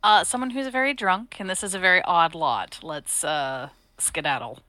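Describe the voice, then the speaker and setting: A woman's voice: medium pitch, lively intonation, brisk, pushed and bright, no room sound. A woman speaking in character as a player in a tabletop game, easygoing. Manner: easygoing, laughing often. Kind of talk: in-character tabletop role-play.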